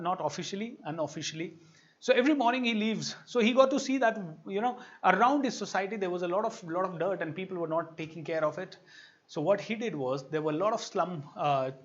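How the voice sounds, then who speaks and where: An Indian man with an Indian English accent gives a motivational talk as a coach, animatedly telling stories and acting out quoted voices. His voice sits high, and the highs are cut off in the recording.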